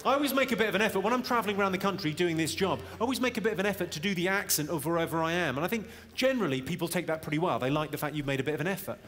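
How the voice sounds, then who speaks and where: A man performing a stand-up routine, delivering deadpan one-liners and teasing the crowd. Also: sits high, racing, few pauses. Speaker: stand-up comedian. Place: comedy venue stage. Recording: reverberant venue audio with loud crowd noise.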